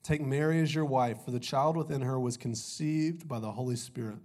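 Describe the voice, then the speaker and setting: A young pastor preaches in a loose, conversational way, throwing in "y'all" and small jokes. His voice is slightly rough from a cold, and he speaks into a stage mic. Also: medium pitch, normal speed, darkish tone. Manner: conversational, jokey, says "y'all" often. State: recovering from a cold, voice a little off. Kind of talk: sermon.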